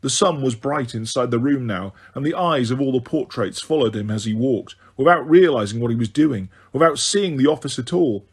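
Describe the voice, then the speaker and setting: A man narrating a novel for an audiobook in a steady, even storytelling manner. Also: medium pitch, moderate pace, hardly any pauses, slightly rough. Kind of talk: scripted narration.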